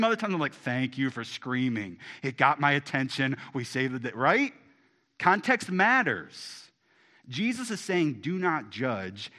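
Bright-voiced male pastor preaching. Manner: repeats words when starting, swings from low to sudden shouts. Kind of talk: sermon.

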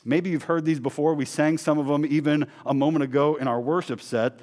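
Dramatic preaching man, fairly high voice. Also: fairly even intonation, brisk. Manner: swings between emphatic proclaiming and hushed, low intensity; conversational, with asides and repeated words. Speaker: pastor. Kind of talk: sermon.

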